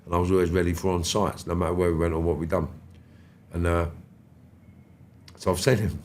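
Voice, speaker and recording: A London man in his fifties, a podcast guest telling stories in animated, slangy street talk and swearing freely. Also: low voice, fairly quick, a little hiss or hum. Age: 50s. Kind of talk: storytelling interview.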